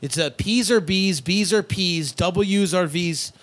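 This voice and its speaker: A man's voice: high-pitched, slow. A man in casual chat as podcast co-host, rambling and swearing, with many fillers.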